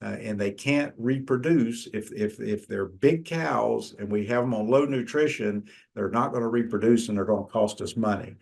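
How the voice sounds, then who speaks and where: A man's voice: lowish voice, moderate pace, creaky, few pauses, a little mellow. A middle-aged man, giving a conversational lecture from slides, with frequent fillers and restarts. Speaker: extension lecturer.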